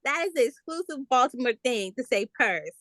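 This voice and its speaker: Podcast co-host, woman, high and bright, teasing banter. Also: lively intonation, fairly quick, no room sound, clean studio sound. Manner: playful, teasing, laughs often. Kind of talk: casual chat.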